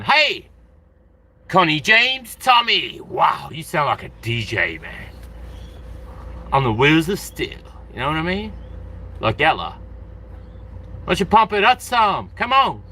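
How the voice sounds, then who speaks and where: An animated man hosting a casual live stream, rambling freely and calling out to viewers by name. His voice is bright and lively, jumping around in pitch. He sounds like he is from Australia. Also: a little hiss or hum.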